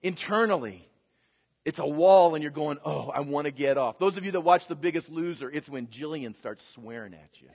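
A pastor in his fifties preaching a sermon, moving from easy conversational talk to loud, repeated exhortations. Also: on the high side, moderate pace, breathy edge, in a large hall. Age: 50s. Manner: builds from conversational to shouted preaching.

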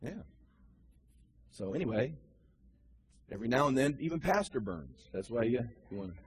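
A male pastor preaching a sermon, dropping low and quiet to tell a story, then rising to loud, high cries. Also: big pitch swings, normal speed, husky.

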